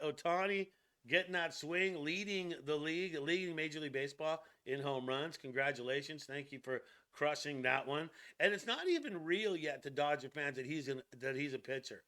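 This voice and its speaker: A man hosting a casual sports news channel, chatting excitedly with jokey asides and laughs. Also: a little high.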